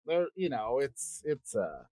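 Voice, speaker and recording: A man's voice: medium pitch, sing-song, slow pace, mellow, dry recording. A man co-hosting a podcast in casual chat, rambling, trailing off and restarting his sentences, swearing now and then. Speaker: podcast co-host.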